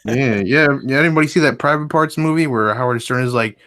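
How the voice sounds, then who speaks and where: A man's voice: mid-range voice, brisk, fairly bright tone, no room sound, clean studio sound. A man joking and wisecracking in a casual podcast chat. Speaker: podcast panelist.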